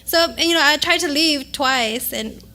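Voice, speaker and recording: Bright high-voiced woman telling a story. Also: moderate pace. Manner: animated, swearing, laughing through a story. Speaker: podcast co-host. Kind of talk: casual chat, storytelling.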